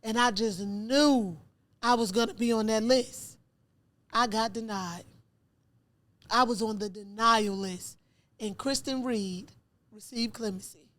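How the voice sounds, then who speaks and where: A middle-aged woman recounts her life candidly in an interview. Her fairly high voice leaps higher when she acts out what people said, and she talks with lively, emotional energy. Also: slow, pauses often. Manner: animated, acts out dialogue with rising pitch. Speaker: podcast host telling her own story.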